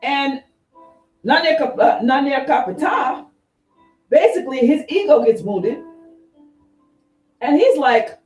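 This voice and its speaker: A woman reverend retelling an ancient tale in a lively, conversational sermon, acting out the characters as she goes. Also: sits high, takes it slowly, pauses often. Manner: animated, conversational, acts out characters. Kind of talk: storytelling sermon. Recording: echoey room, far from mic, faint music.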